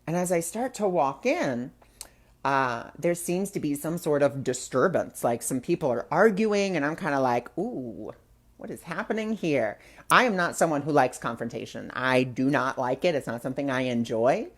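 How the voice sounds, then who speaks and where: Woman, low voice, spiritual host, chatty storytelling, lots of fillers. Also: animated, moderate pace. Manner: chatty, many fillers, acts out quotes. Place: live online broadcast.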